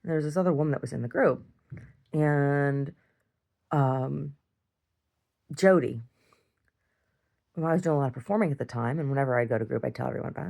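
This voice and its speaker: A woman records a rambling video diary monologue, talking bluntly and profanely, restarting often, saying "I don't know" a lot and chuckling frequently. Her low voice is animated and fairly quick, with vocal fry and frequent pauses.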